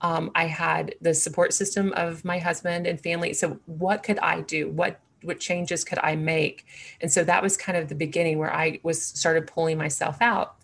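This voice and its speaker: A woman's voice: sits low, level tone, normal speed, vocal fry. A woman in her forties, an interview guest, telling a personal story in a candid, earnest way with many fillers and restarts.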